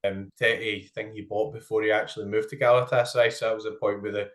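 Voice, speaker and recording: A man's voice: fairly low pitch, little pitch movement, fast talker, a bit bright. A man hosting a casual chat with a friend, upbeat and laughing easily, with plenty of ums. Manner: chatty, laughs often, says um a lot. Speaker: host.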